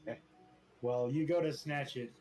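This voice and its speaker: A man at a medium pitch runs a tabletop game as its game master. He narrates in a relaxed way, with plenty of hesitations, and faint music plays underneath. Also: moderate pace, poor audio. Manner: relaxed, hesitant with many fillers.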